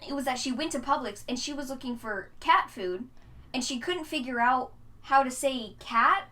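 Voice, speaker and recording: A young woman co-hosting a casual podcast, giggly and quick to chime in. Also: high voice, sharp tone, distant mic. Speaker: podcast co-host. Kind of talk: casual chat.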